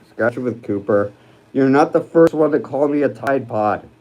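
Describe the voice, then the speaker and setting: Reading live comments and chatting with viewers, this male livestream host rambles hesitantly, full of fillers and restarts. His mid-range voice is a little mellow and moves at a normal speed, and the audio sounds dull.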